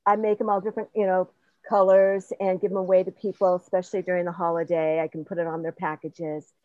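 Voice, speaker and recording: A woman's voice: on the low side, little pitch movement, quick pace, no room sound. An older woman sharing her personal experiences in a casual, rambling, earnest way, sometimes laughing at herself. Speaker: participant sharing in a group session. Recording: dull lo-fi audio, dry.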